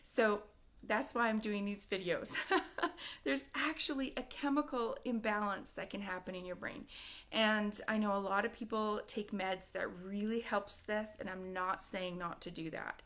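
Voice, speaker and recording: A middle-aged woman talks straight to camera about her own life, candid and rambling, often breaking into short laughs. Her voice sits at an ordinary middle pitch. The audio is a little dull and lo-fi. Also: fairly even intonation, normal speed, fairly bright tone. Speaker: vlogger. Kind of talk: personal video talk.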